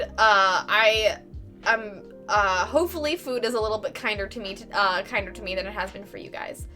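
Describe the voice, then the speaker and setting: A woman's voice: mid-range voice, moderate pace, pushed and bright. A woman artist chatting casually with her viewers on a live stream, effusive and giggly, laughing often. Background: faint background music.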